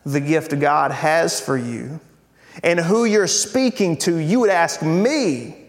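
A preacher voicing a calm, earnest male teacher, speaking in a measured way. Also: a little high, in a large hall. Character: calm, gentle male teacher offering water.

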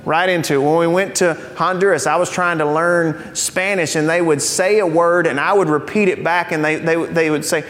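High-voiced male preacher in echoing hall. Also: steady tone, fairly bright tone. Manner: conversational teaching with joking asides; slows down to stress key phrases. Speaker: pastor. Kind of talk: sermon. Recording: long reverb of a large hall.

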